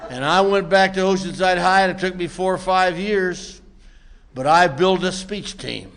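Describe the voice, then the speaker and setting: An older man telling a self-mocking story to a meeting audience in a wry, comic way that builds into shouting. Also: high-pitched, normal speed. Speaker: recovery meeting speaker.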